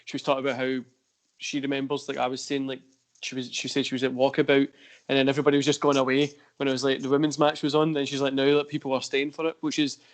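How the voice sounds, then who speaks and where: A man's voice: mid-range voice, completely flat delivery, fast. Rambling man hosting a podcast. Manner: rambling, heavy use of fillers. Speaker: podcast host. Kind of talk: casual chat.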